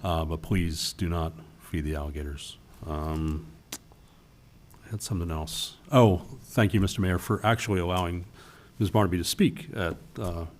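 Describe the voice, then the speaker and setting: A man's voice: deep voice, fairly even intonation, normal speed, darkish tone. A man on a city council giving friendly remarks with joking asides in a meeting. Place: council chamber.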